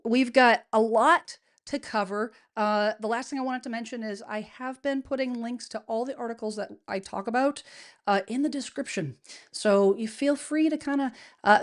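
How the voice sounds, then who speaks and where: A woman hosts a casual livestream and talks straight to her regulars, greeting them one by one. Her delivery is chatty and upbeat and keeps running with fillers and restarts. Her voice sits at a middle pitch. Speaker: livestream host, real estate advisor. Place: home studio, indoors.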